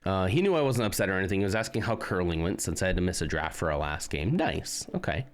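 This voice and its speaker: A man hosts a casual live stream, chatting as he builds. His fairly low voice swings widely and animatedly in pitch. He reads chat aloud and answers with jokes and self-mockery. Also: lively intonation, quick pace.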